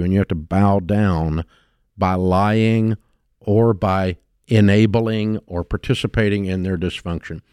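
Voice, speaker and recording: An older man hosting a call-in advice radio show, talking in an emphatic, folksy way that swings from booming to hushed. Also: clean tone, no room sound, clean studio sound. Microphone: studio microphone.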